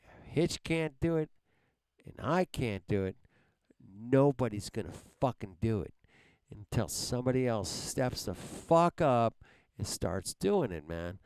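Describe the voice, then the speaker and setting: A man rants at his live stream audience, frustrated and swearing at every turn as he begs them to step up. He talks slowly and heavily, his voice clear and smooth. The sound is dry and close, with no room around it. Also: medium pitch, big pitch swings, darkish tone, dry recording. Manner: profane, frustrated, pleading. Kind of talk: angry live stream rant.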